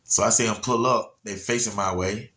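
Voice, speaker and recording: A man, telling a story in a slightly low voice. He rambles in a laid-back way, circling back and checking in with his listeners. It is casual, unscripted storytelling. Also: fairly even intonation, normal speed, pushed and bright. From Atlanta area, USA. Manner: rambling, laid-back, frequent "you know what I'm saying".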